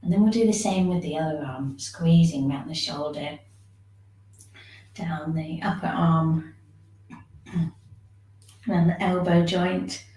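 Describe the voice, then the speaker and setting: A woman teaching a shiatsu class, giving gentle, soothing step-by-step instructions for self-massage. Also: fairly low pitch, roomy sound, far from the mic, poor audio. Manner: gentle, soothing instructions, yawning now and then.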